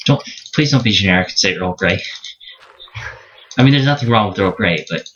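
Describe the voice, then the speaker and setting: A man's voice: lowish voice, animated, fairly quick, fairly bright tone. Rambling young man chatting over game. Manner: rambling, laughs often, many fillers and restarts. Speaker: let's play host. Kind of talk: casual gaming chat. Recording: lo-fi mic with keyboard clicks and hiss.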